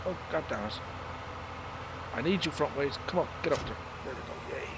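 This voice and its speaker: A man's voice: medium pitch, lively intonation, moderate pace, very noisy. An Irish man casually commenting on a farming game he is playing live, rambling through his opinions and swearing at mishaps on screen. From Ireland. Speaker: livestreamer.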